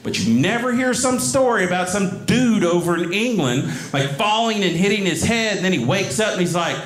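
A man doing stand-up comedy in a chatty, deadpan storytelling manner. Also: high voice, normal speed. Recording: echoey room with loud noise.

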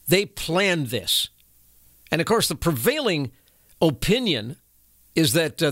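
A man's voice: on the high side, a bit bright, no room sound, studio quality. A man hosting an opinionated political commentary show, folksy and indignant, reading posts aloud between filler-laden asides.

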